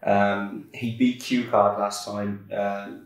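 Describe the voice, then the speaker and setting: Casual male racing tipster, low voice, laid-back, many ums, recorded far off in an echoey office. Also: little pitch movement, slow. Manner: laid-back, filler-heavy, self-correcting. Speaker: podcast co-host, racing tipster. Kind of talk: casual chat. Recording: echoey room, far from mic.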